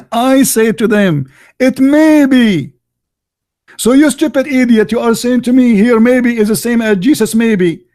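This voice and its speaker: A man with a high, voice hosts a heated live call-in debate. He talks combatively, cuts in and repeats phrases over and over. He says he is losing his voice. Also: normal speed, a little mellow, no echo, studio quality.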